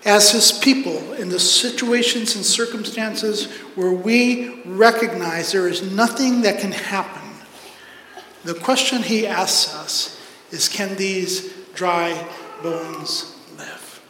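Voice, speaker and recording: A man's voice: high-pitched, slow, sharp tone, slight background noise. A man preaching a sermon as pastor, earnest, acting out the voices in the scripture he reads. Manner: earnest, acts out voices of God and prophet. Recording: echoey hall.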